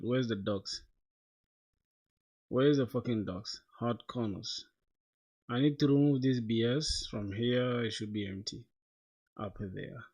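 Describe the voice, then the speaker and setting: A young man livestreaming while he codes, chatting loosely with viewers in slang. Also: mid-range voice. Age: young adult. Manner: loose, slangy, talks to chat, says bro a lot. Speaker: coding livestreamer. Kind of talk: casual livestream chat while coding.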